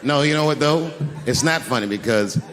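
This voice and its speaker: A man's voice: medium pitch, moderate pace. A man performing a stand-up comedy set, telling stories animatedly and acting out voices on a large stage. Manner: animated storytelling, acts out voices. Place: large theater stage with audience. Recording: live hall with reverb and crowd noise. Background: audience laughter.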